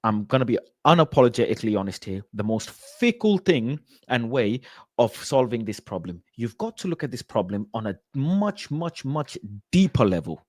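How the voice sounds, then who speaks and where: A man's voice: mid-range voice, big pitch swings, normal speed, darkish tone, dry recording, studio quality. Emphatic man hosting a call-in show. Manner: emphatic, repeats points for stress. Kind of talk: casual chat reading viewer comments.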